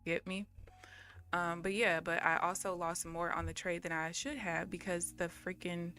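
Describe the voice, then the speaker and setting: A woman's voice: fairly low pitch, fairly even intonation, normal speed, sharp tone, faint music behind. A woman live streaming her day trading, talking casually to viewers and swearing bluntly in frustration.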